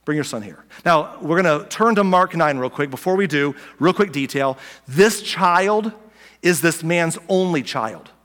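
Pastor guy preaching casual, kinda high voice, big echoey hall, gets loud then real quiet. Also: a little slow. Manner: conversational, swings from loud to near-whispered. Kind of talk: sermon.

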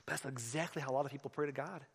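A man, a pastor, preaching a sermon in a conversational, animated storytelling manner in a church hall. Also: mid-range voice, rapid-fire, creaky, slightly rough. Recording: echoey hall.

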